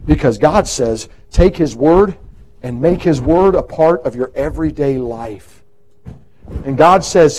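High-voiced pastor giving a sermon. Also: male voice, moderate pace, poor audio. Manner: earnest, pleading, swings from loud to hushed. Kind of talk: sermon with altar call.

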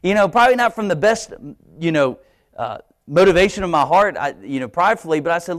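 Animated young man preaching. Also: on the high side, quick pace. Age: young adult. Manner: animated storytelling, acting out his own inner voice. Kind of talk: sermon with personal story. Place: church sanctuary, live stream.

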